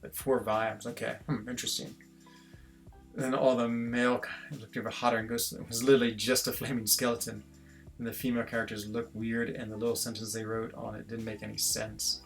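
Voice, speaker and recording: A middle-aged man rambles and muses while chatting with his stream's viewers and reading their comments, often chuckling. His mid-range voice is a bit bright with vocal fry. Guitar music plays faintly behind him.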